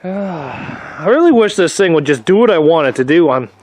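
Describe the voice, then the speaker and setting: A man's voice: on the high side, very animated, moderate pace, a little mellow. A man vlogging casually from his workshop, frustrated with a machine, rambling and restarting as he explains his repairs. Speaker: vlogger, shop owner.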